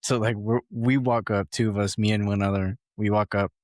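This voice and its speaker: A man's voice: fairly low pitch, steady tone, fairly quick, darkish tone, no echo, clean studio sound. A man on a podcast telling a rambling, profane story in casual talk, full of fillers.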